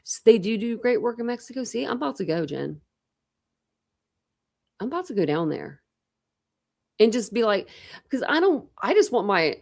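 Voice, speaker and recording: A woman's voice: medium pitch, vocal fry. A young woman hosting a casual live stream, rambling and chatting with viewers, restarting her sentences. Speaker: true crime channel host.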